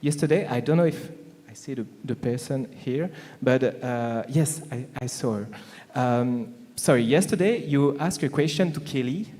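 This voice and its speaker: A man with a French accent, a native French speaker, speaking as a panelist at a conference, halting with many fillers and restarts. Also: mid-range voice, mellow. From France. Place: conference hall. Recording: long hall reverb.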